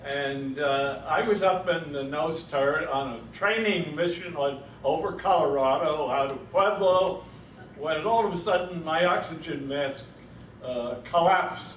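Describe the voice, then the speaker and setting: An elderly man in his eighties recounts a war story for a gathered audience, wry and chuckling as he goes. His voice sits a little high for a man and rings through a roomy space, caught by a distant mic with a faint hiss underneath. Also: a little slow. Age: 80s. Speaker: veteran speaker. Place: reunion event room.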